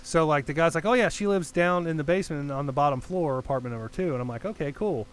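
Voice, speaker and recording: A man's voice: on the high side, fast, crowd noise, poor audio. A young man telling a long story in casual podcast chat, rambling and swearing as he goes. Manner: rambling, profane, animated storyteller. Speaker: podcast co-host.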